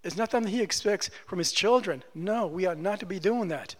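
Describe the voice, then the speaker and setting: A man with a strikingly high voice preaches a conversational sermon to his church. He talks emphatically and repeats key phrases to drive them home. His voice rings with the long reverb of a large hall. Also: a little fast. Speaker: pastor.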